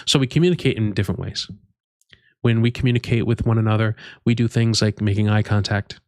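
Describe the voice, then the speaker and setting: A man with a lowish voice walks through job-hunting advice in a measured, unhurried way, pausing on fillers and restarting his sentences. The sound is dry and close, with no room around it. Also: no echo. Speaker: career advice presenter. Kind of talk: instructional talk to camera.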